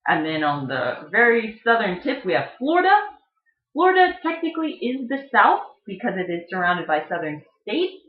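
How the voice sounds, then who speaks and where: A speaker giving a casual educational explanation, thinking aloud with frequent ums and uhs. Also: medium pitch. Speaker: online explainer. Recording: echoey room, slightly dull lo-fi sound.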